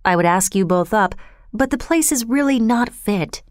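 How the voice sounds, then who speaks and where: A woman's voice: on the high side, lively intonation, moderate pace, no echo, clean studio sound, natural voice. Woman reading as a weary, reclusive male doctor. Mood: despondent. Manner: weary, mournful. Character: gloomy reclusive middle-aged male doctor.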